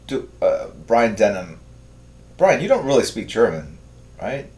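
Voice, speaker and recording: A man with an American accent casually chatting on a live stream while he draws, reading viewer comments aloud in a low-key, mumbling way. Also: gravelly, echoey room, slight background noise. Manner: reads viewer comments aloud, laughs often, tries awkward German.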